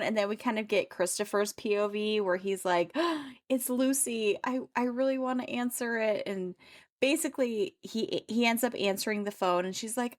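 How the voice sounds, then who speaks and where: A woman's voice: medium pitch, measured pace. A woman co-hosting a book club podcast, chatting casually and acting out characters' lines as she retells the plot. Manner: animated, acts out characters' lines while retelling.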